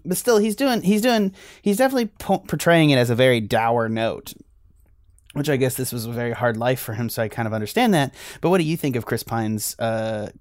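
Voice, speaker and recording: This American man co-hosts a film review podcast, speaking at a medium pitch in a clean, echo-free studio recording. His delivery is casual and rambling, full of restarts.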